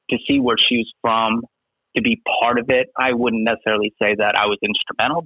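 A man's voice: fairly low pitch, breathy edge, no echo. A middle-aged basketball referee, a man, talking earnestly in a podcast interview and often asking "right?". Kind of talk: podcast interview, casual chat. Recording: tinny phone-line sound.

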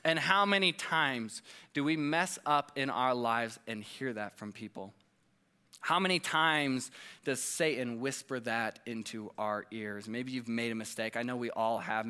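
A man's voice: medium pitch, unhurried, pushed and bright, clear, resonant tone. A man preaching a conversational sermon, earnest and casual, often tagging his points with "like" and "right?".

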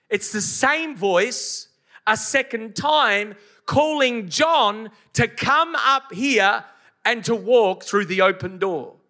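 High, bright-voiced preacher man. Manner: emphatic preaching with repetition and rhetorical questions. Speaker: pastor. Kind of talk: sermon. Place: church service before a congregation.

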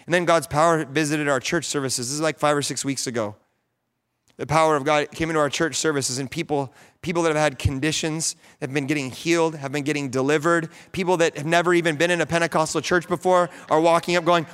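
Male pastor preaching, storytelling sermon, slightly high, smooth resonant voice. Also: fast. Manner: storytelling, animated, rising to fervent peaks.

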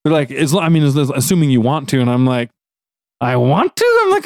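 Animated laughing storyteller man. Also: mid-range voice, a little fast, dry recording, studio quality. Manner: animated, laughs often, acts out quotes. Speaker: podcast co-host telling a story. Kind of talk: casual storytelling chat.

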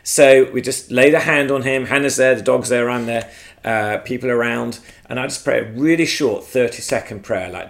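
A man from England, recorded outdoors at his home and telling a faith story with lively, shifting emphasis. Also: mid-range voice, moderate pace, vocal fry. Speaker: guest speaker. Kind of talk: storytelling testimony on video. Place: outdoors at their home, front yard.

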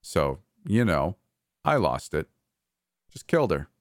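A man voicing a manic, cruel adult brother who taunts and mocks, breaking into yells. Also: sits low, very animated, slow pace, dry recording, studio quality, heavily acted. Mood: cold taunting. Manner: taunting, mocking, erratic shifts into yelling.

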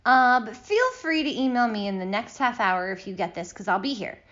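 A woman in her thirties co-hosting a podcast, teasing and quick to laugh in casual chat. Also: on the high side, animated, a bit bright. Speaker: podcast co-host. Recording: dull roomy home recording.

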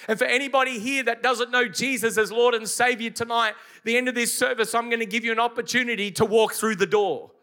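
A pastor preaches to his church with a very high pitch and a bright, forceful tone. He drives points home with emphasis and often puts questions to the congregation. A man's voice, ringing out in a live sermon. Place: church service before a congregation.

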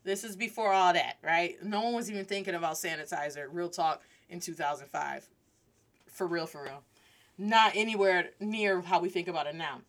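A woman hosting a Spanish lesson, telling a lively story and drawing out key words for emphasis. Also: lowish voice, moderate pace. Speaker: Spanish teacher and host.

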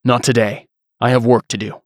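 A man's voice: medium pitch, flat delivery, moderate pace, no echo, studio quality, close to an everyday voice. A man voicing a proud blacksmith who speaks curtly and defensively, barely holding his temper. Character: tense, proud middle-aged blacksmith.

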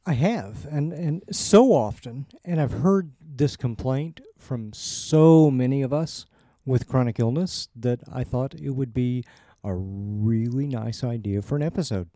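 A man hosting a podcast, explaining in an unhurried way with small restarts. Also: mid-range voice, warm tone, no room sound, clean studio sound. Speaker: podcast host. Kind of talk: casual podcast chat and explainer.

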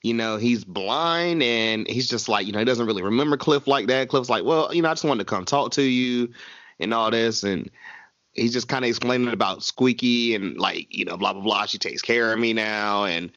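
Male co-host, lively swearing storyteller, dry muffled sound. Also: medium pitch, normal speed, no echo. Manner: animated storyteller, swears freely. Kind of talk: casual movie recap.

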